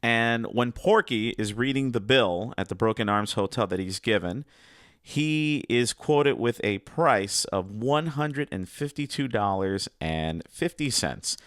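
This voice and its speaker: A man's voice: medium pitch, a bit bright, dry recording, clean studio sound. A man giving casual, enthusiastic commentary on a cartoon's music, wandering into asides and reading quotes aloud. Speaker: music segment presenter on an animation review show.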